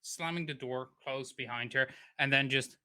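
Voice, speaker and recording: A man narrating a tabletop game as game master, in an unhurried way, with frequent ums and self-corrections as he builds the scene. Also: mid-range voice, pushed and bright, smooth.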